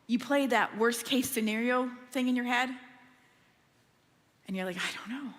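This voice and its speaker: High-voiced woman preaching in an echoing hall. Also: unhurried. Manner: animated, conversational storytelling. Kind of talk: sermon.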